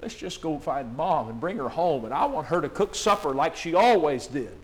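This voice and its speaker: A male preacher voicing a heartbroken ten-year-old boy who begs his father to go find his mother, in a hushed, pleading way. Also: fairly high pitch, animated, moderate pace, slight background noise, voice pushed up, lightly acted, poor audio.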